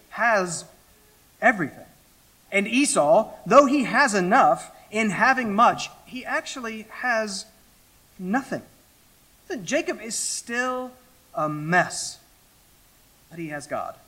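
Bright-voiced man preaching with dramatic swings. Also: high voice. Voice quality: emphatic, dramatic pauses, swings from loud to hushed. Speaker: pastor. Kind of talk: expository sermon.

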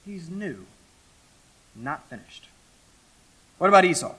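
A middle-aged man preaches verse by verse, his somewhat high, bright voice leaning hard on key words. He swings between loud emphasis and hushed, slowed phrases, with dramatic pauses. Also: big pitch swings, slightly rough. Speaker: pastor. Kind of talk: expository sermon.

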